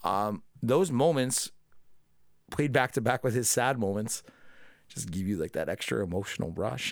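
A man's voice: fairly low pitch, normal speed, no room sound, clean studio sound. A man hosting a podcast in loose, profane casual chat, full of fillers. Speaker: podcast host.

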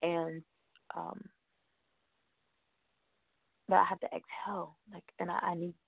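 A woman's voice: lowish voice, flat delivery, moderate pace, creaky, no room sound. A woman hosting a radio show, chatting casually in a rambling way and laughing often. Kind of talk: casual show chat reading birthdays. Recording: tinny phone-like line, dry.

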